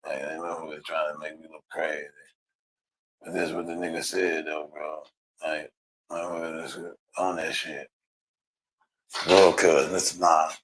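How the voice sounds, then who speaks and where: Low-voiced profane man riffing casually. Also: poor audio. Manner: animated, profane, repeats himself. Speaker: podcast host. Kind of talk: casual commentary.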